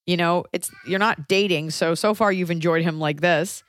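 Young woman on a podcast, lowish voice, blunt and sweary, asks question after question, dry close sound. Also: moderate pace, no room sound. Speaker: podcast co-host, comedian. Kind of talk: casual advice chat.

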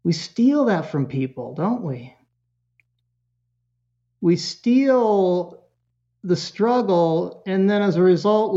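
Guy spinning a parenting story, acts out all the voices, lots of ums, audio a bit muffled. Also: high voice. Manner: animated storyteller, acts out quotes, many fillers. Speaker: guest parenting expert. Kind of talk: storytelling in a podcast interview.

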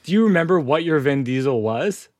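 A man hosts a relaxed podcast conversation, his voice sitting a little higher than most men's. He rambles through his stories and keeps breaking off to restart. The sound is dry, with no room around it. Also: brisk, no room sound. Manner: rambling, self-interrupting storyteller. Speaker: podcast host. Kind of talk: casual conversational interview.

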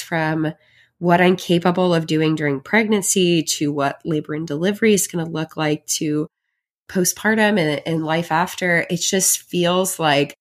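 A pregnant woman hosting her own podcast, talking in a heartfelt, reflective way, chatty and full of fillers. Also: on the low side. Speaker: podcast host. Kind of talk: personal solo podcast.

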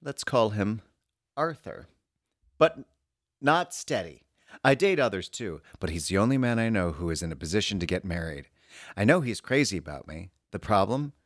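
A podcast co-host trading dry quips and quick agreements, and reading an old advice letter aloud. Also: sits low, big pitch swings, dry recording.

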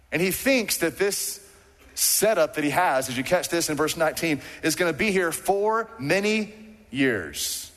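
A man preaching from the pulpit, his voice sitting a little higher than most. He moves between reading scripture and animated asides, acting out the characters he quotes. The sound rings out with the long reverb of a big sanctuary. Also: measured pace. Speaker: pastor. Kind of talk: sermon. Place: church sanctuary.

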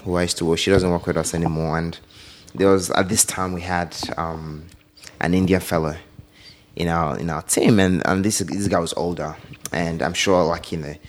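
A man's voice: deep voice, steady tone, normal speed, slight background noise. A man chatting casually on a podcast, telling a story with some swearing. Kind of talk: casual conversation.

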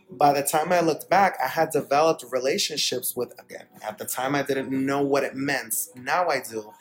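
A man's voice: mid-range voice, low-quality recording. A man with a mid-range voice tells his story as a podcast guest. He is from the Bronx, New York, and he talks emphatically and candidly, with plenty of swearing. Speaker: podcast guest, startup CEO. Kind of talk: storytelling in an interview.

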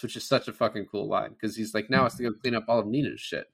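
A man in a relaxed film chat, talking at a medium pitch with plenty of swearing. He acts out the characters' lines as he goes and stays animated throughout. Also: fast, gravelly. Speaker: podcast co-host. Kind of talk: casual film discussion.

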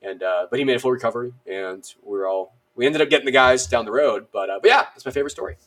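A man's voice: mid-range voice, fast, fairly bright tone. A man on a podcast, telling a story casually and animatedly, with a self-deprecating humor and many fillers. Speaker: podcast guest.

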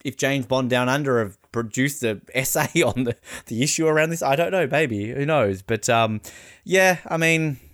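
An Australian man hosting a casual podcast chat, animated and laughing often, slipping into comic voices. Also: medium pitch, normal speed. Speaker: podcast host.

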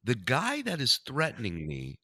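A man hosting a podcast, telling a story in casual, profane, animated chat. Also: mid-range voice, moderate pace. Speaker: podcast host.

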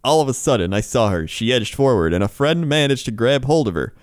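A man's voice: mid-range voice, lively intonation, a little fast, dry recording, studio quality. A man co-hosting a casual comedy talk show, reading odd news stories aloud and laughing often.

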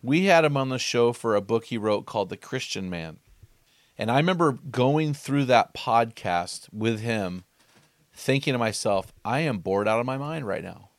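A man's voice: medium pitch, moderate pace, dry recording. A man hosting a podcast, telling stories in a casual chat and acting out the quotes. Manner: animated storyteller, acts out quotes. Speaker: podcast host.

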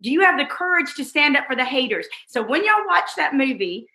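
A woman's voice: high voice, big pitch swings, fairly quick, sharp tone. A woman giving a motivational online course lesson, talking straight to her listeners and repeating phrases for emphasis. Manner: addresses listeners fondly and directly. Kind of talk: motivational teaching talk. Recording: roomy echo.

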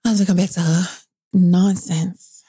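A young woman, telling a personal story in casual chat. She is animated, swears freely, and jumps high in pitch when she quotes people. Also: measured pace, breathy edge. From New York.

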